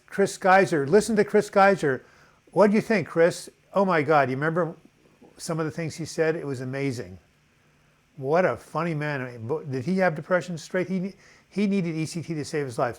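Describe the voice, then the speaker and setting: An older man hosting a casual live video chat, reading out viewer comments in a loose, rambling way with many fillers. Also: a little high.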